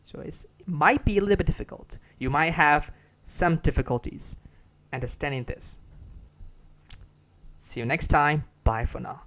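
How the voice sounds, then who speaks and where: A man's voice: fairly high pitch, animated, normal speed, long pauses, a bit bright. A man with a Burmese accent giving a casual spoken English lesson, repeating and restarting phrases and drilling words for listeners to copy. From Myanmar. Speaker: English teacher.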